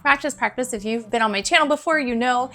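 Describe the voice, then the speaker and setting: A young woman teacher talks straight to the camera in a chatty, encouraging way, repeating her points for emphasis. Her voice sits a little on the high side. Soft music plays faintly behind her. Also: fast. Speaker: teacher giving classroom tips. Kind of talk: casual advice to camera.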